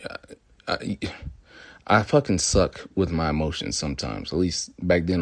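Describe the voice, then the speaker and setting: A young man with a low, gravelly voice tells a personal story in a loose, casual way. He swears freely and slips into the voices of the people he quotes. The sound is close and dry. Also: no echo. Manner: loose and profane, acting out quoted dialogue.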